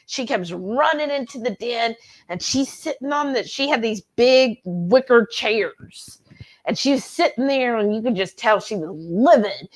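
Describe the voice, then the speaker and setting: A woman with a high voice hosts a relaxed live chat, reading viewer comments aloud. She tells stories in an unhurried, drawn-out way and giggles often. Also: low-quality recording. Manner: giggly, chatty storyteller. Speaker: host.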